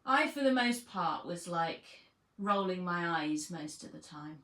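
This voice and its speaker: A woman's voice: on the low side, animated, a little slow, sharp tone, roomy sound. An English woman hosting a livestream, chatting casually and rambling with frequent giggles. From England. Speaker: livestream host. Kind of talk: casual chat.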